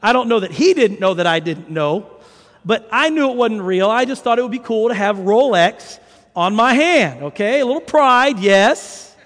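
A man preaching a conversational sermon, an animated storyteller who makes chatty asides to the congregation. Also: sits high, moderate pace. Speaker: pastor. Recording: long hall reverb.

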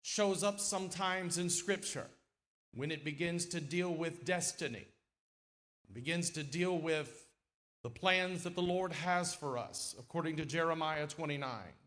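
A middle-aged man preaching a sermon in a church, folksy and lively, with sudden loud, emphatic swells. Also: a little high, a little slow. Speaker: guest preacher. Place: church sanctuary.

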